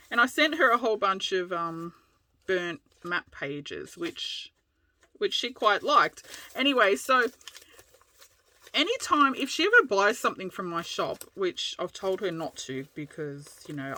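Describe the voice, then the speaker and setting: Chatty Australian woman crafter, bright forward voice, rambling and giggly, casual vlog talk. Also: medium pitch. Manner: rambling storyteller, laughs a lot. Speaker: crafting channel host.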